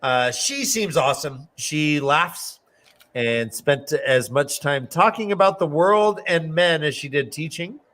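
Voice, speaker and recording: A man's voice: on the high side, animated, measured pace, fairly bright tone. A man hosting a casual book discussion show, recapping chapters in a joking, rambling way and swearing casually. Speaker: podcast host summarizing chapters.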